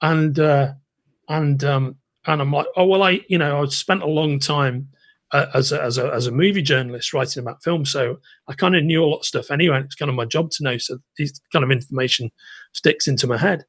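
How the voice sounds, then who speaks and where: A British man hosting a podcast, telling a long anecdote in an animated way with lots of restarts. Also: a little high, fairly quick, dry recording. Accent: British English. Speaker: podcast host. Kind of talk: casual storytelling chat.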